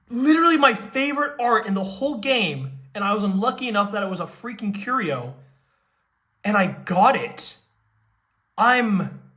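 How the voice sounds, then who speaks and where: A man hosting a casual card-game unboxing, excitable and gushing, with frequent exclamations. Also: on the high side.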